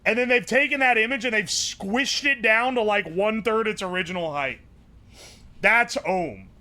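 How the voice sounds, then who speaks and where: A livestreamer with a high-pitched, sharp-toned male voice talks at a normal speed. He jokes with his chat and thinks aloud as he builds something in a casual live stream.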